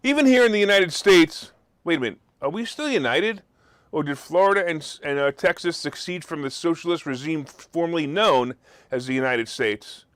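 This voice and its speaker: A man hosting a markets talk show, talking in a sarcastic, animated way, now and then bursting into loud mock outrage. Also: on the high side, normal speed, smooth, no echo, clean studio sound. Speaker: host. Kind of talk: opinionated market commentary.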